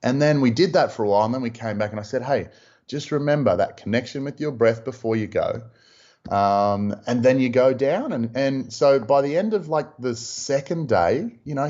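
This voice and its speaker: An Australian man, a freediving instructor, telling stories in a relaxed, rambling interview style with plenty of fillers. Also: mid-range voice, moderate pace, few pauses. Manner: relaxed, rambling, lots of "you know". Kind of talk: casual interview storytelling. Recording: dull lo-fi audio.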